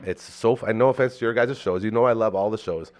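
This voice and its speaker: A man's voice: lowish voice, quick pace. A man hosting a podcast, teasing his co-host in casual banter. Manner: teasing, playful, animated.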